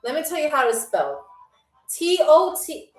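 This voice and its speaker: High-voiced woman hosting a live trivia stream, teasing and chatty, kinda far from the mic, echoey room. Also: very animated, unhurried, faint music behind. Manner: playful, teasing, chatty with viewers. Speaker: game show host. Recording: roomy sound from away from the mic.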